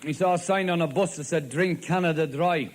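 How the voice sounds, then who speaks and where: An Irish stand-up comedian with a voice on the high side tells jokes in a deadpan storytelling style. In character as a policeman, he fires off rapid one-liners. The live show carries faint crowd laughter and noise.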